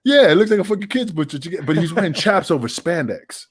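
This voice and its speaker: A man's voice: on the high side, sing-song, fast, a little hiss or hum. A man, a former wrestler guesting on a podcast, telling rambling, profane stories and laughing as he goes. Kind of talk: casual storytelling.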